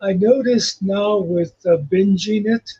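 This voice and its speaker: A man on a muffled, lo-fi call line joins a casual livestream and talks in meandering stretches full of fillers. His voice is high and husky, with a breathy edge. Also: measured pace, dark tone, no echo. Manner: meandering, filler-heavy storytelling. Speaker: guest on livestream.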